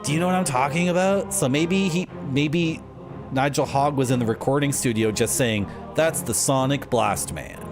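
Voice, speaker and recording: A man's voice: on the high side, normal speed. A man streaming a game live, talking in a rambling, jokey way and drifting into tangents. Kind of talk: live gameplay commentary. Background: game music.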